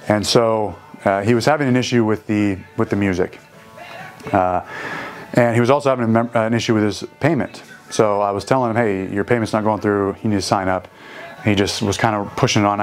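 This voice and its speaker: A man telling a long story casually, full of fillers and restarts, raising his voice when he quotes people. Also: lowish voice. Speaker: gym owner and host.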